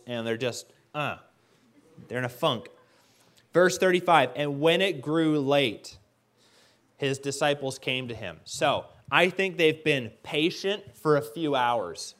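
Lively storytelling male preacher, fairly high. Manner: animated storytelling, acting out the characters; leads the audience to stand and call out. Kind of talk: casual sermon.

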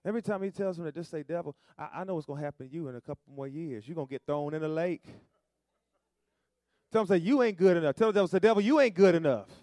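A man preaching a sermon in a call-and-response style, moving between soft asides and loud, stretched-out emphasis. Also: a little high, fast talker, dry recording, studio quality.

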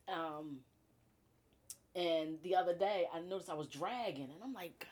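A woman's voice: on the low side, normal speed. A woman guest chatting in an interview, often quoting herself and checking in with the listener. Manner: chatty, quotes herself, "you know what I mean". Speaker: guest, beauty bar co-owner. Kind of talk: casual interview talk.

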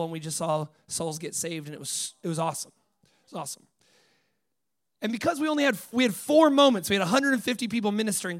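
High-voiced animated male preacher. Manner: animated storytelling, acts out dialogue, swings from hushed to loud. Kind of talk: sermon.

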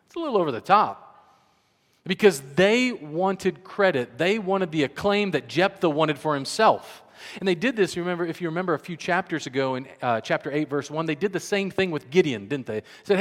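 Animated preacher man in a reverberant hall. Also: on the high side, normal speed. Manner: conversational, animated, acts out quoted voices. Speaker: pastor. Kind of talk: sermon.

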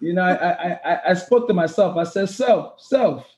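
A man's voice: sits high, darkish tone, pitched above the performer's own voice, close to an everyday voice. A man doing a joking Caribbean accent. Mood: playful. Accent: put-on Caribbean. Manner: halting, playful, self-mocking. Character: man doing a comic Caribbean accent, recalling his youth.

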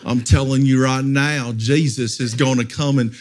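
A man mimicking a booming fiery TV preacher. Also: fairly even intonation, normal speed, a little mellow, lightly acted. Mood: bombastic.

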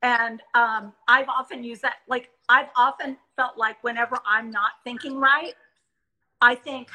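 A woman's voice: on the high side, fairly even intonation, measured pace, sharp tone, low-quality recording. A middle-aged woman hosting a Christian talk show, speaking with eager encouragement and acting out stories. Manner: enthusiastic, encouraging, reenacts stories. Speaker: host.

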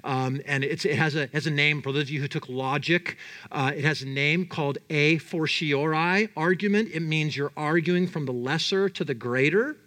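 A man preaching a conversational, animated sermon and often putting questions to his audience. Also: a little high, moderate pace. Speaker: pastor.

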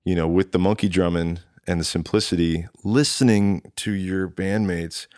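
A man's voice: low-pitched, fairly even intonation, normal speed, a little mellow, no echo, studio quality. A man, a drummer and guest, telling a rambling story in casual conversation and acting out what people said to him. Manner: rambling, acts out quoted dialogue with restarts.

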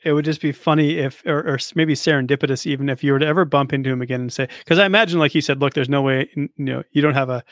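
A man's voice: medium pitch, fairly even intonation, rapid-fire, few pauses, a bit bright, no echo, studio quality. A man interviewing a guest, asking engaged follow-up questions in a casual way.

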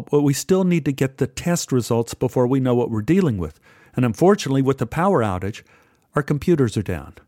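Guy reading a gentle matter-of-fact lady vet, calm, dry close sound. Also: mid-range voice, no room sound, close to an everyday voice. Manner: factual and gentle. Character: calm, sympathetic woman veterinarian.

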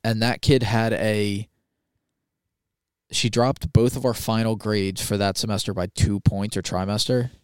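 Young guy on a podcast, lowish smooth voice, dry close sound, swears a lot telling stories. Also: unhurried, no room sound. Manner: animated, swearing, acts out quoted voices. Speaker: podcast co-host. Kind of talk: casual podcast storytelling.

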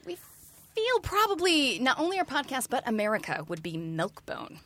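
A woman's voice: a little high, wildly swooping pitch, moderate pace, sharp tone. A woman guesting on a comedy podcast, teasing and playful in casual banter.

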